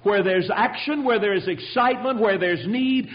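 Man preaching, high voice, emphatic storytelling, dull lo-fi sound. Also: moderate pace. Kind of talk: sermon.

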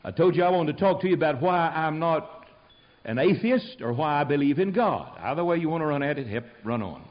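A man's voice: on the high side, lively intonation, a little fast, lo-fi sound. An older man from Tennessee with a Southern accent, preaching a sermon in a folksy storytelling manner that rises to emphatic exhortation.

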